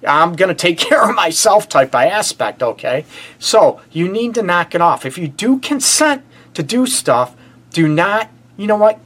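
A middle-aged man from the Detroit area hosting a casual relationship advice show, blunt and animated, often calling his listeners "people". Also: high-pitched. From Detroit area, USA. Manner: animated and blunt, addresses listeners as "people", frequent "you know what". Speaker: relationship counselor and show host.

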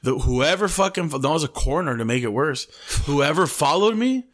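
A young male podcast co-host tells long, profane stories in casual slang, saying "bro" a lot and dropping Spanish slang into his English. His voice runs on the high side, expressive and fairly bright, at a normal speed.

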